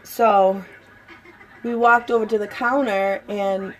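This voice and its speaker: A woman's voice: mid-range voice, steady tone, takes it slowly, poor audio. A young woman and mother chatting casually at home while doing her makeup, telling stories and saying "like" a lot. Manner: chatty storyteller, says "like" a lot. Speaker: vlogger and mother.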